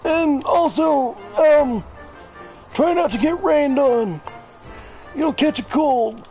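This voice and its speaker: A man voicing a rambling, cranky old village elder in a video game, talking in a slow, halting way. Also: very high voice, darkish tone, dull audio, soft background music, pitched above the performer's own voice, exaggerated voice. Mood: grumbling. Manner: slow, halting, grumpy old-timer talk.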